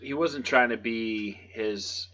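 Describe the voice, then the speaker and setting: A man's voice: medium pitch, slow, sharp tone. A man co-hosting a casual wrestling podcast, arguing his points and hedging with "I mean". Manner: argumentative, hedges with "I mean". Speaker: podcast co-host. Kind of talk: casual chat. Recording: dull lo-fi podcast audio.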